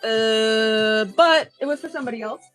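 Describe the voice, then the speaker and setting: A woman's voice: on the high side, normal speed, clean tone, faint music behind. A woman hosting a casual livestream of card pack openings, chatting with viewers and reacting with gasps. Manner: chatty, reads chat aloud, yawning, excitable gasps. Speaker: livestream card-breaking host.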